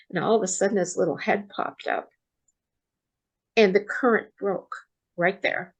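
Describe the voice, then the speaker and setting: Woman guest telling a story, gravelly voice, soft and halting, lots of restarts. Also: medium pitch, steady tone, rough recording. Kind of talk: casual storytelling interview.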